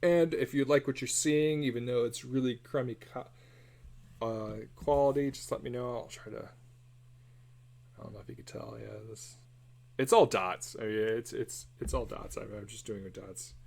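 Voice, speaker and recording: A man with a medium-pitched, slightly mellow voice, some vocal fry, and a somewhat nasal quality talks at a normal speed while drawing on a livestream. Captured on a cell phone, he rambles casually, jokes at his own expense, and hums and sings snatches as he goes.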